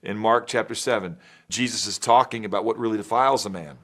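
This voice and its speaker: A man speaking as a pastor in sermon-style teaching, measured and explanatory. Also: on the low side, a bit bright.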